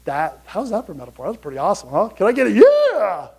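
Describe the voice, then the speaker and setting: A man giving a motivational conference talk to an audience, energetic and chatty, often asking "right?". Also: high voice, fast talker, slightly rough, rough recording. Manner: energetic, chatty, repeats "you gotta" and "right?". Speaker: conference speaker.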